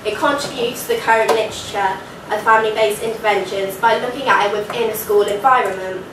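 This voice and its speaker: A woman's voice: medium pitch, fast, background noise. A young woman with a nasal voice giving an earnest academic presentation, dotted with casual fillers. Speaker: student presenter. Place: university lecture hall. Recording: echoey hall recording from far off.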